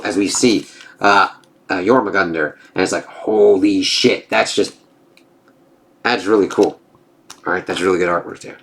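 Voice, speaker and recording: A man's voice: low voice, fairly even intonation, normal speed, gravelly, a bit bright. A man reviewing a comic in a loose, casual way, swearing and saying "uh" and "it's like" often. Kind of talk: casual spoken review, reading aloud.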